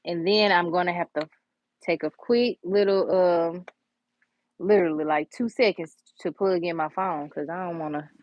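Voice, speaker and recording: A woman's voice: lowish voice, steady tone, normal speed, lo-fi sound. A woman chatting casually through a nail tutorial, talking to viewers as y'all and honey in a folksy, chatty way. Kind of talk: casual how-to chat.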